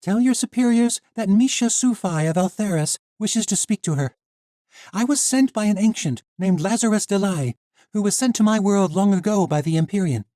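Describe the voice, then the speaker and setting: Bold young heroine, defiant and forceful, read by a man in a raised voice. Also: high-pitched, animated, moderate pace, dry recording, studio quality, pitched above the performer's own voice.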